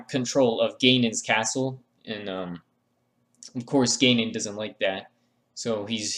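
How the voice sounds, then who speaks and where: A man's voice: mid-range voice, fairly bright tone. A man talking through a drawing tutorial in a meandering, joking voice-over full of fillers and restarts. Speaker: art tutorial creator. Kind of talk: rambling comedic voice-over.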